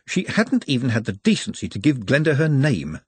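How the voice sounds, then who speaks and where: A man reads a novel aloud in a wry, expressive way, his husky voice moving a great deal in pitch. His voice sits in a middle register, and the recording is close and dry, with no room sound. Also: fairly quick, no echo. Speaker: audiobook narrator. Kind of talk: scripted narration.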